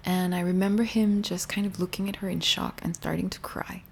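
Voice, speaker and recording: Soft-spoken woman, half-whispered, gravelly. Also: on the low side, steady tone, fairly quick, slight background noise. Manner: gentle, intimate, rambling with many restarts. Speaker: spiritual healing teacher. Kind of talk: soft, partly whispered reflective talk to viewers.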